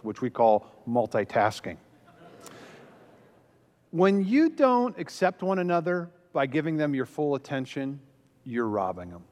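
A man's voice: a little high, in a large hall. A man speaking as a pastor, telling a story with self-deprecating humor and many fillers. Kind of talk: humorous teaching talk.

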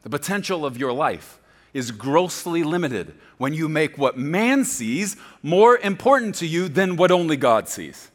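A man preaching a sermon as a pastor, swinging from loud shouts to quiet, close talk. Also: on the high side, sing-song, a little slow. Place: church sanctuary.

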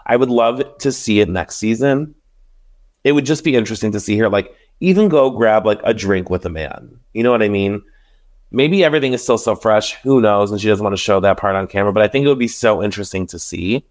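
A podcast host with a lowish voice talks a little fast in a casual solo chat recapping reality TV. He's animated and chatty, retelling events and acting out what people said in quoted voices.

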